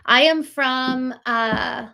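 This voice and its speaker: A woman from Maryland hosts a live show with a somewhat high voice. She reads and answers chat comments in a warm, effusive way, circling back through fillers and restarts as she thinks aloud. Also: drawn-out words, vocal fry, clear, resonant tone.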